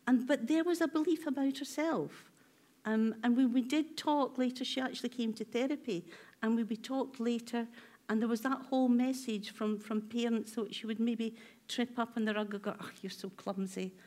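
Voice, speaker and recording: Woman, therapist, workshop talk, slightly high pitch, questioning, conversational, filler ums. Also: fairly even intonation, moderate pace, a little mellow. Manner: asks the audience many reflective questions.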